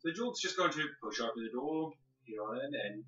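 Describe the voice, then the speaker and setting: A man playing a tabletop game, brisk and casually swearing. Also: medium pitch, expressive, sharp tone. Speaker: player. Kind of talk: tabletop role-play. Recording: echoey, dull mic with faint music.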